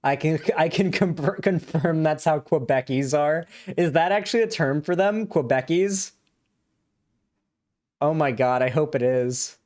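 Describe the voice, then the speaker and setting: A man's voice: fairly high pitch, measured pace, darkish tone. A man hosting a casual livestream, chatting and reading donations in a rambling way with many fillers. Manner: rambling, full of fillers and restarts. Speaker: livestream host. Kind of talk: casual live chat.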